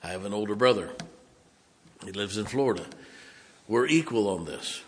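A pastor preaching a sermon, telling a personal story with dramatic swings from loud emphatic bursts to hushed low lines. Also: male voice, expressive, moderate pace, slight background noise. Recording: long hall reverb.

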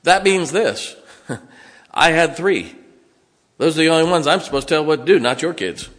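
An older male pastor preaches a sermon in a church sanctuary, his slightly high, fairly bright voice moving with lively intonation at normal speed. He tells folksy stories plainly and asks the congregation questions, with long reverb filling the hall.

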